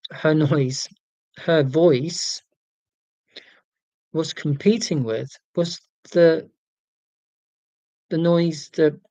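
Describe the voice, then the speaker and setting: Forties male livestream host, warm and relaxed, casual meandering chat with viewers, wry asides. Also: on the high side, no room sound, dull audio. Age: 40s. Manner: rambling, wry and self-mocking, with many fillers and restarts.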